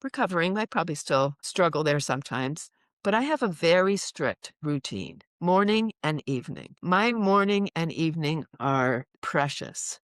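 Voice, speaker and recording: Animated woman, laughter yoga teacher. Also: low voice, no room sound. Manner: animated, acts out voices and laughs. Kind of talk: casual interview talk.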